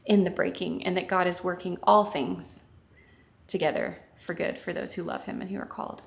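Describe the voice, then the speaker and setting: Woman, author, co-host, reflective, heartfelt, vocal fry. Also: fairly low pitch, fairly even intonation, moderate pace. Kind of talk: casual chat.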